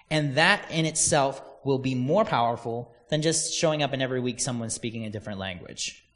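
Conversational preacher in a reverberant hall. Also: male voice, mid-range voice. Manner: conversational, storytelling with quoted voices. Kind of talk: casual sermon.

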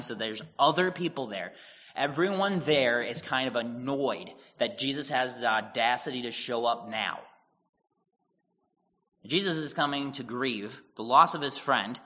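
A man's voice: mid-range voice, moderate pace, bright, forceful tone, lo-fi sound. A man as pastor giving casual Bible teaching, retelling scripture in a conversational way with quoted dialogue and asides.

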